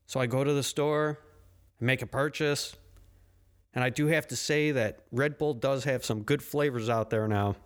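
A man hosting his own podcast, ranting casually with profanity and self-deprecating asides. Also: medium pitch. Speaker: podcast host. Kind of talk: casual solo podcast rant.

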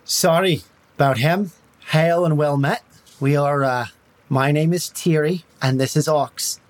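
A man voicing a smooth-talking male elf bard with an Irish accent, lilting and evasive, in a tabletop game. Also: measured pace, no echo, natural voice. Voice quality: lilting, wheedling, pitch rising when pressed. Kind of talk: tabletop role-play in character.

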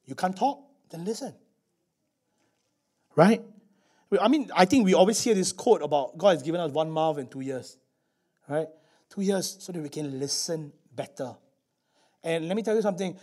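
A middle-aged man with a Singaporean English accent, preaching a chatty, lively sermon full of "okay?" asides. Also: fairly high pitch, moderate pace, pauses often.

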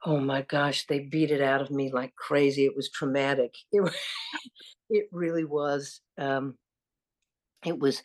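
An older actress from the American South with a faint Southern accent, telling rambling stories with frequent laughter in an interview. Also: female voice, rumbling low, steady tone, a little slow. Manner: warm, rambling, self-deprecating, laughs often. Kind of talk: casual storytelling interview.

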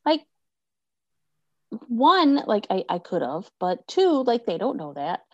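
A woman's voice: mid-range voice, a little slow, dry recording, muffled recording. A woman in her thirties co-hosting a podcast, ranting with lots of swearing in a fired-up casual chat. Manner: animated, profane, fired-up ranting. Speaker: podcast co-host.

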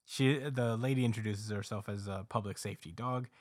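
A man hosting a podcast, casually recapping a story with frequent laughs and animated asides. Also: fairly low pitch, fairly quick, no room sound, clean studio sound. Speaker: podcast host.

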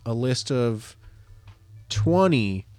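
Guy hosting a podcast quiz, super animated pitch, joking around, faint music behind. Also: extremely slow, no echo. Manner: lively, jokey, reads reviews aloud. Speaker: podcast co-host running a quiz. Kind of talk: casual podcast banter.

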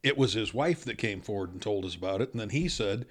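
A man with a low voice speaks as a podcast guest and a former police officer. He tells stories bluntly and earnestly in casual conversation. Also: animated, fast talker, hardly any pauses.

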